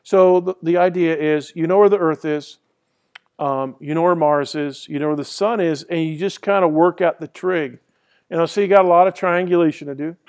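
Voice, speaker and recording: High-voiced male lecturer. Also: moderate pace, darkish tone. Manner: rambling and conversational, many fillers and restarts. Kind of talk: classroom lecture. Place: lecture hall.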